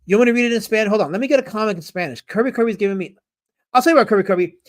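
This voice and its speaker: Guy streaming and reading chat, high voice, jokey and animated. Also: racing. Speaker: streamer and comic creator.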